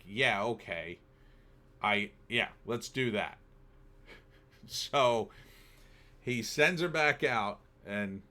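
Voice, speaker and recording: A man's voice: medium pitch, bright, forceful tone. A man telling a story in a casual rant, sarcastic and exasperated, acting out both sides of the dialogue.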